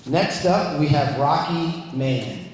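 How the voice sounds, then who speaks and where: A man's voice: fairly high pitch, lively intonation, slow, a little hiss or hum. A man emceeing a live event, introducing speakers in a chatty, loose way. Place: large event hall. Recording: echoey hall, mic from far off.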